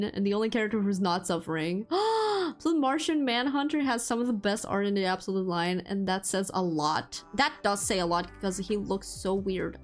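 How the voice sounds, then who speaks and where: A woman streamer chatting casually with her viewers. She laughs often and leans heavily on "like". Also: a little high. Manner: giggly, chatty, heavy use of "like". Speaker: VTuber streamer.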